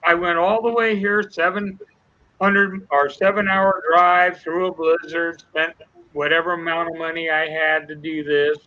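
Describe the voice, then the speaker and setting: A man's voice: on the high side, level tone, a little slow, lo-fi sound. An older man, a guest, telling an emotional personal testimony, acting out the dialogue as he goes. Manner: earnest storyteller acting out dialogue.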